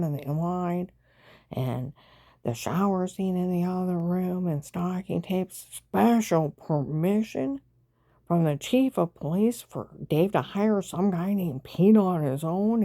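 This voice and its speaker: Woman vlogger, lowish gravelly voice, meandering storyteller with whispered asides. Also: mellow, no room sound, studio quality. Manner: rambling, with sudden whispered asides. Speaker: vlogger recounting events. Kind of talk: rambling monologue.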